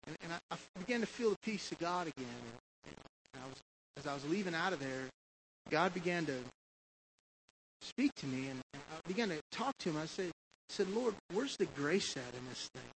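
A man's voice: on the high side, lively intonation, a little fast, background noise. A man preaching a testimony sermon, telling his story in a conversational way with frequent asides to the listeners.

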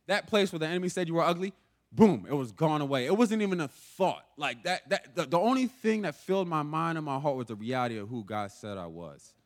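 Young male preacher, casual sermon delivery, slightly higher voice, lively. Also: brisk. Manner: animated, conversational, often asks "right?".

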